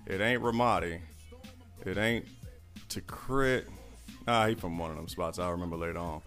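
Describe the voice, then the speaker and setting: A man's voice: deep voice, moderate pace, a bit bright, faint music behind. A young man co-hosting a casual podcast, telling army stories in laid-back, profane banter. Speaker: podcast co-host, army veteran.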